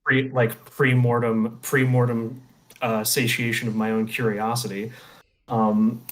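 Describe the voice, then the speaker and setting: A man's voice: mid-range voice, flat delivery, a little slow, far from the mic, rough recording. A man co-hosting a book club chat, explaining lore in a hesitant way with many fillers. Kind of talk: casual chat.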